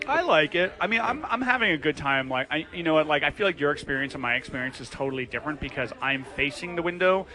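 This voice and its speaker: A man's voice: a little high, quick pace, few pauses. A man in his thirties co-hosting a podcast, chatting casually in a bar and acting out the people in his stories. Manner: animated storyteller, acts out quotes. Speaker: podcast co-host.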